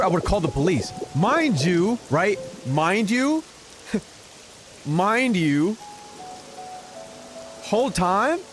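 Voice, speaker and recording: Male game streamer, lively swooping delivery, slightly high voice, game music underneath. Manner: animated, exaggerated storytelling with repetition for effect. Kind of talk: casual storytelling while gaming.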